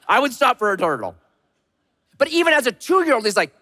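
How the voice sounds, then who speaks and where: A man in his thirties, a pastor giving a sermon, swinging between loud punchy lines and hushed slow emphasis. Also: sits high, huge pitch swings. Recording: long reverb of a large hall.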